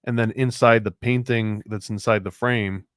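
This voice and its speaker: A man's voice: lowish voice, steady tone, moderate pace, a bit bright, clear, resonant tone, no room sound, studio quality. A man hosting a casual show-and-tell of picture book art, rambling and unsure, full of likes and restarts. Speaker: host.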